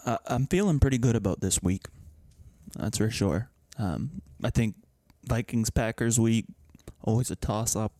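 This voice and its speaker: A man's voice: fairly low pitch, a little slow, dark tone, no room sound, clean studio sound. A man co-hosting a casual sports podcast, talking in an easygoing, rambling way. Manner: easygoing, rambling, with lots of fillers. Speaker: podcast co-host.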